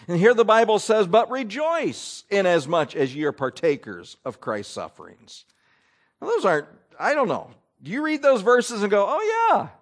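A middle-aged male pastor preaching a sermon, acting out his listeners' thoughts in quoted asides. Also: sits high.

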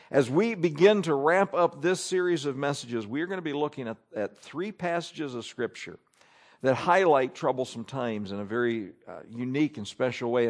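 Lively preaching man, rising and falling. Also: mid-range voice. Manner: preaching with emphatic rises and drops, reading Scripture aloud. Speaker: pastor. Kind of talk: sermon. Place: church.

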